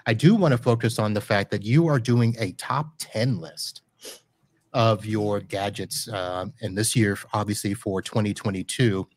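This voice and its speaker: A man with a lowish voice hosts a live podcast from a Florida home studio, speaking at a measured pace in a dry recording. Chatty and jokey, he talks casually with a guest in an interview and makes light of his own self-corrections.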